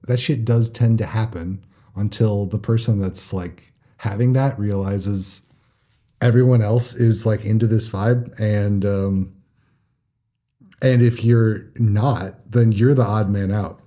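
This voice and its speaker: Male co-host, very dark low voice, blunt and foul-mouthed in casual chat. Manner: blunt, swears freely, quick talker. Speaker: podcast co-host.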